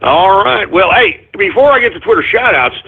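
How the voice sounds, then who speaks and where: Man, middle-aged, radio show host, loud emphatic rant, husky, phone-line sound. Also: high-pitched, moderate pace. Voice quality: loud, animated and emphatic, with insults and swearing. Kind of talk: ranting call-in radio monologue. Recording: tinny phone-line quality.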